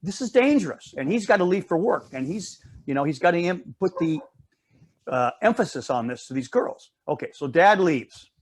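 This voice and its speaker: A man's voice: fairly high pitch, animated, moderate pace. Chatty man leading a Bible study. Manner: chatty, checks in with listeners often. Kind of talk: casual teaching with storytelling.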